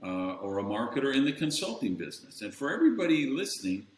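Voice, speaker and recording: A man's voice: mid-range voice, big pitch swings, quick pace. A man speaking as an interview guest, candid and self-deprecating, mocking other voices now and then. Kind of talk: casual interview chat. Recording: roomy echo.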